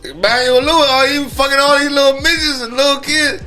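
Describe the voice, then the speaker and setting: High bright-voiced man ranting. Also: brisk, faint music behind. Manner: profane, animated ranting with laughter. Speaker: podcast guest. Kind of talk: casual chat.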